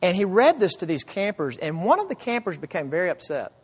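A man delivers a sermon in an earnest, emphatic way, his slightly high voice carrying through a hall with a long reverb. He rises to loud cries and then sinks to quiet, low phrases. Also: sing-song, brisk, husky. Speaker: pastor.

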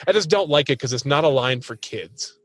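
A man co-hosting a podcast in casual chat, rambling and animated with a self-mocking streak. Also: medium pitch, brisk. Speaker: podcast co-host.

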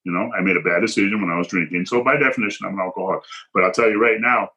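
A man tells a personal story as a podcast guest, hitting his points hard and acting out the voices of people he quotes. His voice sits a little low and has a bright, forceful edge. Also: racing, low-quality recording. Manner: emphatic, punchy, acts out quoted dialogue.

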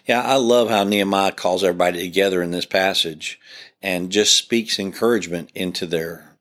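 A pastor with a very low, deep voice speaks earnestly on a podcast. He talks like a preacher and often stops and restarts his sentences. Nothing else stands out in the sound. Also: a little fast, fairly bright tone. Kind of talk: podcast discussion.

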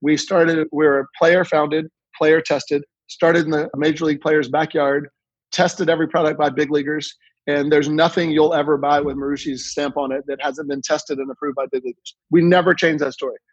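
Storytelling businessman guest, husky voice. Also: fairly high pitch, level tone, normal speed, no room sound, dull audio. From Louisiana. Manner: storytelling, repeats words when starting thoughts. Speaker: podcast guest, entrepreneur. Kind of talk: conversational interview.

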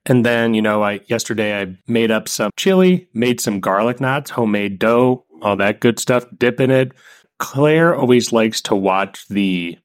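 A young man co-hosting a podcast, telling stories in a casual, animated way and acting out quotes. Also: mid-range voice, a little slow, no room sound, clean studio sound. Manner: animated storyteller, acts out quotes. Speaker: podcast co-host. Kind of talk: casual chat.

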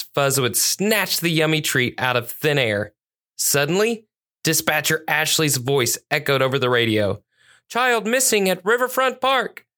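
A storyteller narrating a children's police story at a measured, clear pace. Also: mid-range voice, sharp tone.

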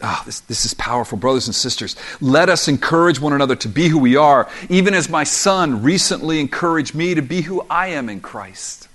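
Lively, animated middle-aged male pastor. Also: on the high side, fairly quick, hardly any pauses. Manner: animated and conversational, with humor and self-deprecating stories. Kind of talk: sermon.

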